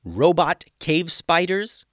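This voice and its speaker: A man voicing a fiery, quick-tempered young woman ninja who shouts indignantly in a storybook reading. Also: on the low side, sing-song, no room sound, studio quality, pitched above the performer's own voice. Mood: shocked. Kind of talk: storybook character voice.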